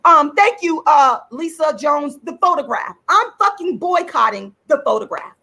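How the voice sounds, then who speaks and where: A woman's voice: sits high, animated, normal speed, gravelly, bright, forceful tone. A woman hosting her own channel, ranting angrily on a livestream in a profane, repetitive way, enraged. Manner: furious, profane, repeats points for emphasis. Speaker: channel host and activist. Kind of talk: angry livestream rant.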